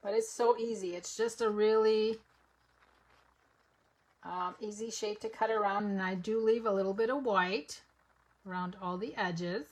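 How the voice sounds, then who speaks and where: A woman's voice: mid-range voice, a little slow, pauses often. Chatty woman teaching a craft live. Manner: chatty, step-by-step, talks to viewers while working. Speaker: papercraft instructor.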